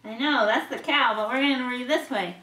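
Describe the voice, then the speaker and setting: A woman reading picture books aloud to a toddler, asking patient questions in a slow, playful way. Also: a little high, pushed and bright. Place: home room. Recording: roomy home video from a distance.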